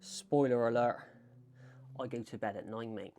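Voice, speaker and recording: A man's voice: mid-range voice, moderate pace, darkish tone, a little hiss or hum. A man with a strong Bristolian accent, chatting casually and swearing as he cooks in his kitchen for a vlog, calling viewers mate. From England. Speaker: vlogger. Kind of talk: casual vlog chat while cooking. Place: home kitchen in a flat. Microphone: small wireless clip mic.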